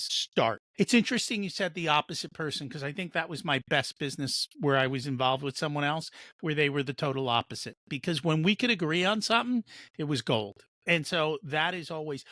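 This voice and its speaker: Podcast host guy, bright punchy voice, reflective chat, dry close sound. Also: fairly high pitch, lively intonation, a little fast, no room sound. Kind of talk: conversational interview.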